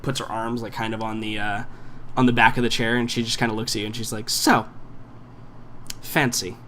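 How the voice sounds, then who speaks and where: A man's voice: lowish voice, little pitch movement, quick pace, sharp tone, slight background noise. A man running a tabletop game as game master, narrating in a loose way full of fillers. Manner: casual, many fillers like "um" and "like".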